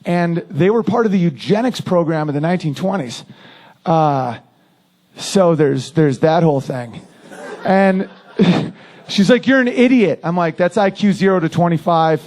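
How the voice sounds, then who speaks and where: A man's voice: a little high, unhurried, darkish tone. A man doing a crude, brash stand-up routine who often laughs at his own lines. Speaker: stand-up comedian.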